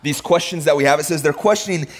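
A male pastor preaching a sermon in a relaxed, conversational way, often repeating words as he thinks aloud. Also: on the high side, fast. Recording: long reverb of a large hall.

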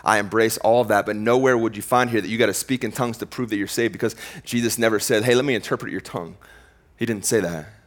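Man preaching, loud then hushed. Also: lowish voice, steady tone. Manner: emphatic preaching, swinging between loud declarations and quiet, slowed passages; casual, conversational phrasing with frequent repeats. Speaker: pastor. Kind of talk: sermon.

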